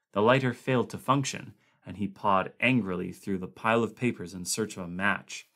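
A man reading a horror novella aloud, narrating plainly between expressive character voices. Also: lowish voice. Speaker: audiobook reader. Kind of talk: dramatic audiobook reading.

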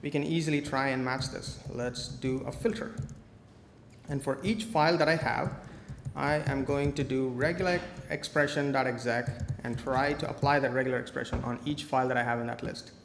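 A man's voice: medium pitch, fairly even intonation, normal speed, gravelly. Playful man presenting in an echoey hall. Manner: playful, joking asides. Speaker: conference speaker. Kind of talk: live coding talk. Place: large conference hall. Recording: echoey hall, faint noise.

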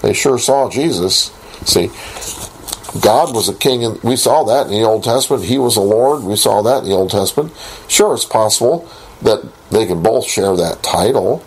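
A man teaching a Bible lesson, reading scripture aloud and posing rhetorical questions in a deliberate way. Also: on the low side, lively intonation, slight background noise, poor audio. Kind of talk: recorded Bible study lesson.

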